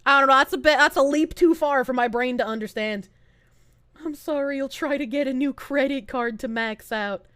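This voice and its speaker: A woman's voice: high voice, normal speed, fairly bright tone, dry recording, clean studio sound. A woman streamer chatting casually and rambling on a live stream, laughing often between lines.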